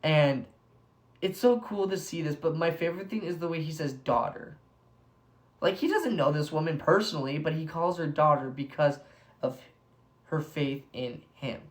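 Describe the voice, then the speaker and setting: A young man giving a casual Bible devotional. He is excitable, says "like" constantly, and breaks into bursts of enthusiasm. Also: on the high side, normal speed. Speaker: devotional speaker.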